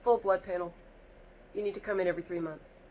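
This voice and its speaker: A woman's voice: lowish voice, steady tone, fast talker, dark tone, a little hiss or hum, close to an everyday voice. A woman mimicking a condescending female doctor who talks down in curt, repetitive phrases. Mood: dismissive.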